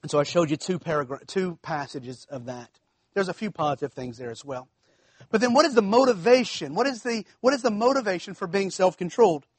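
A man, preaching with a fairly high voice. He talks conversationally, repeats phrases and checks in with the congregation. The sound is dry and close. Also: lively intonation, fairly quick, husky, no echo. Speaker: pastor. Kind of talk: sermon.

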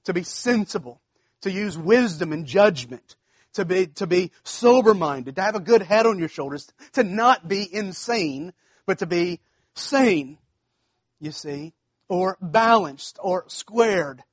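High-voiced preacher with a drawl. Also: male voice, lively intonation, slow, husky, dry recording. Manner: conversational preaching, repeats phrases, asks congregation if it makes sense. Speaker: pastor. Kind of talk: sermon.

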